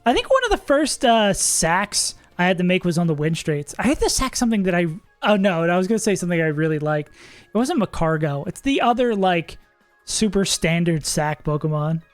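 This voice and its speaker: A chatty streamer talks through game strategy out loud, laughing often and second-guessing the numbers. The voice sits at a middle pitch, recorded close and dry with faint music underneath. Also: big pitch swings, a little fast, no echo. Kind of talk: casual livestream commentary.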